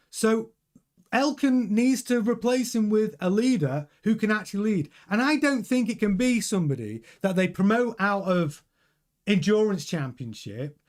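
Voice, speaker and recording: A man with a high-pitched voice delivers animated, opinionated commentary to camera. He presses his points hard and talks straight to his viewers. The host is in full flow, quick and emphatic. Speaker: host of a motorsport news channel.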